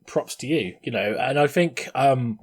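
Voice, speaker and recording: A man hosting a casual gaming podcast, telling long rambling stories in an animated way, a little tipsy. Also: medium pitch, unhurried, slightly rough. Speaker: podcast host. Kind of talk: casual chat.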